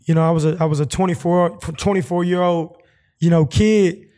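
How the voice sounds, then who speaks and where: Earnest, halting man with higher pitch. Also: fairly even intonation, dark tone. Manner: halting, repeats words, earnest. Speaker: football player. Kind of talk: reflective interview answer.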